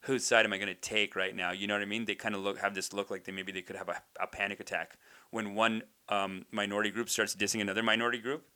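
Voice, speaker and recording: A man doing a loose, animated stand-up comedy bit, riffing in slangy, casual talk. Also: fairly low pitch, fast.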